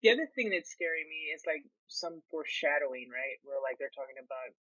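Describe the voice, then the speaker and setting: Fast-talking woman, dull and distant. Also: low voice, animated, sharp tone, no room sound. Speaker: podcast co-host. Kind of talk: casual chat.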